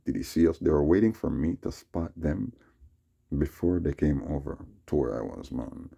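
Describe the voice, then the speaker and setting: A man with a very low, gravelly voice spins a rambling personal story. His tone is dark and heavily husky, and he keeps tagging lines with "you know" and "man". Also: very animated, normal speed. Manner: meandering, fills with "you know what I'm saying" and "man". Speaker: vlogger.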